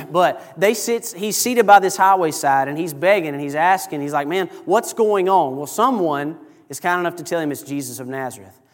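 Male preacher, sermon, animated storytelling, somewhat high voice, long church reverb. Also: a little fast. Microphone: microphone over PA.

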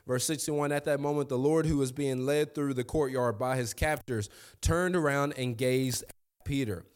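A man's voice: mid-range voice, moderate pace, clean tone. A young man, preaching a sermon in a conversational, storytelling way with asides to the congregation. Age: young adult.

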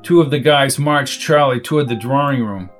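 A man's voice: mid-range voice, normal speed, faint music behind, poor audio. Man narrating a crime story. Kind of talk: audiobook reading.

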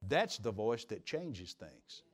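A middle-aged man preaching as pastor in a church, building to emphatic peaks and dropping to quiet, confiding asides. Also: on the low side, big pitch swings, slow pace. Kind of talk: sermon. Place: church sanctuary.

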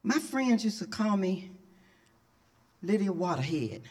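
A middle-aged woman pastor preaches an impassioned sermon, dropping to whispers and then rising to shouts. Her voice is medium-pitched and sing-song, and she speaks a little slowly.

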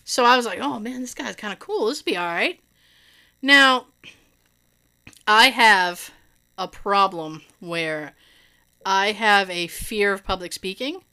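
A woman telling a long personal story in casual chat, animated, swearing and laughing often. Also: medium pitch, a little slow, long pauses, smooth.

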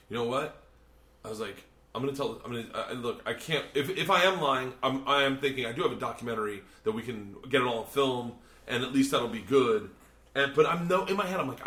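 A podcast host and comedian casually tells a long, profane story in a hotel room, laughing often and acting out the people he quotes. His voice is medium-pitched and a bit bright, and the room sounds echoey.

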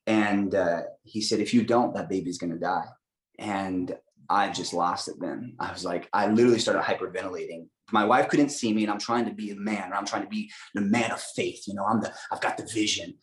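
A man's voice: fairly low pitch, a little fast, reverberant, low-quality recording. A young adult man from the United States, telling an emotional faith story with lots of fillers. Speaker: guest missionary. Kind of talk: storytelling testimony.

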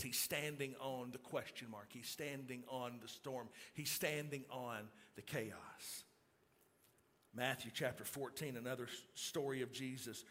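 A middle-aged male pastor delivering a sermon, moving from calm storytelling to loud, excited preaching. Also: mid-range voice.

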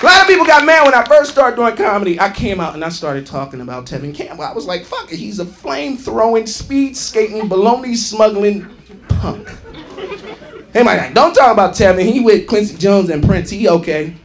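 A high-pitched man tears through a loud, profane stand-up set, his voice leaping all over the place. He shouts, mocks and imitates singers over a live club crowd that laughs and claps. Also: expressive, fast talker, few pauses, noisy background. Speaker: stand-up comedian. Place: comedy club stage. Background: audience laughing and clapping.

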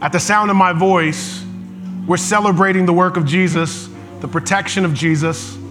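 A man preaching, telling a story with lively swings from loud exclamations to quiet prayer. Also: sits high, normal speed. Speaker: pastor. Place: church sanctuary. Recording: echoey church hall with music behind.

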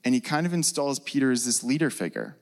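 Casual young-sounding preacher in a hall. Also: male voice, medium pitch, sing-song, quick pace. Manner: casual, conversational, with many fillers. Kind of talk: sermon.

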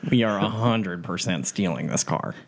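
A man's voice: medium pitch, gravelly, darkish tone, breathy edge. A man playing a tabletop game, talking in character with dry, wry humor. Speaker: player. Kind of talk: in-character tabletop role-play.

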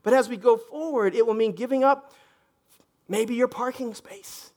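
This is a man preaching a sermon from a church stage. His voice sits very high for a man, and he keeps it animated and joking throughout. He breaks into short acted-out voices to make the congregation laugh. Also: normal speed. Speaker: pastor.

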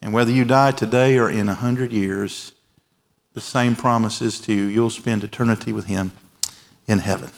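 A man's voice: on the low side, fairly even intonation, moderate pace, gravelly. Earnest man in his forties preaching. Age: 40s. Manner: earnest, emphatic preaching with quiet, softened endings. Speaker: pastor. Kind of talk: sermon. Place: large church with overflow rooms.

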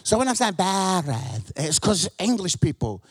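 A Scottish man preaching a lively sermon to a congregation, emphatic and animated, checking in with "yeah?" as he goes. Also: high voice, a little fast, slightly rough, no echo, studio quality. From Scotland. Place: church in front of a congregation.

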